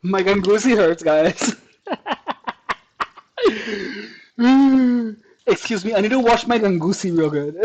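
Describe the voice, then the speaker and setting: In a poor-quality recording, a man with a high, animated voice speaks slowly and pauses often. He's a vlogger at home giving crude, offhand commentary on online comments, frequently scoffing, laughing and starting sentences over.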